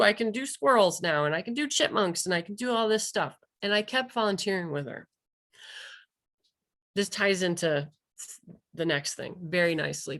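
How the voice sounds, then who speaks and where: A woman, a wildlife rehabilitator telling her own story in a continuing education talk, animated and acting out the dialogue. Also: on the low side. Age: 30s. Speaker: wildlife rehabilitator and vet tech presenter.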